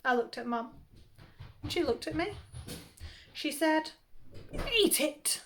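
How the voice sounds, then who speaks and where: Brief: a teacher reading a comic children's story aloud, high-voiced and playful. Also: female voice, measured pace, slight background noise. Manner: animated, playful comic timing. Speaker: primary school teacher.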